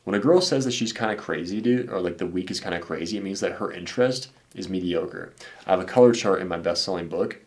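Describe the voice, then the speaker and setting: A man's voice: deep voice, darkish tone. A man coaching on dating, talking bluntly and casually, calling listeners "dude" and "man" and swearing now and then. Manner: blunt and laid-back, says "dude" and "man" a lot, swears. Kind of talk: casual commentary reacting to viewer messages.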